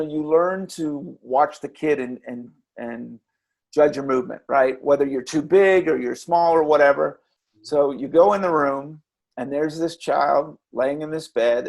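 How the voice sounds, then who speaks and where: Earnest gravelly man telling stories. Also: a little high. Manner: earnest, halting with repeated restarts. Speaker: interview guest, former children's character performer. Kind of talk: reflective storytelling.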